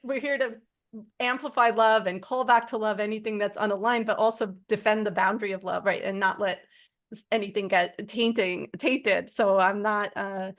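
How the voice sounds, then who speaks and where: A woman's voice: medium pitch, fairly even intonation, moderate pace. Woman rambling through spiritual stories. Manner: rambling, heavy use of "like" fillers; earnest spiritual storytelling. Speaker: support group member. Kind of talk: casual group sharing.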